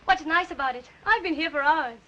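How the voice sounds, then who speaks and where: A woman's voice: high voice, brisk, bright, forceful tone, muffled recording. A spirited, coaxing young woman. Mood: impatient.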